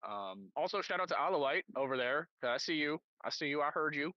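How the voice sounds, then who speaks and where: A man's voice: fairly high pitch, animated, brisk, no room sound, highs cut off. A professional voice actor, a man, introducing himself in a friendly, rambling way with many fillers. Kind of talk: casual self-introduction. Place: outdoors on a street.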